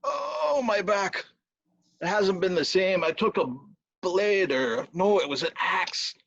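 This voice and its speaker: A blustering, boastful giant of a king, as a male storyteller puts him on, his husky voice leaping up in pitch as he stammers out threats. The storybook recording is dull and dry. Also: lively intonation, slow pace, fairly bright tone, no room sound, exaggerated voice. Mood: complaining. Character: boastful giant Irish high king, male, middle-aged.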